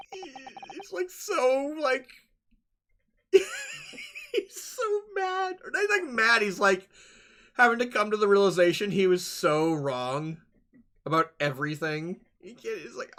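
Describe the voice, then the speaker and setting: Man, game streamer, giggly, rambling, swears, swooping pitch. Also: pushed and bright. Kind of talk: casual let's-play commentary.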